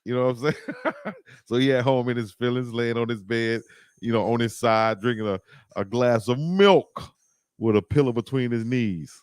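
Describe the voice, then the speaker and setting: Hosting a live stream, a man tosses out slang and cracks up at his own stories in casual, animated banter. His smooth voice sits at an ordinary mid pitch and moves at normal speed. The recording is close and dry, with no room sound.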